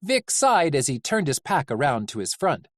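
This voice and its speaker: An audiobook reader giving measured, animated narration of a story. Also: mid-range voice, dry recording, clean studio sound. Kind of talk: scripted narration.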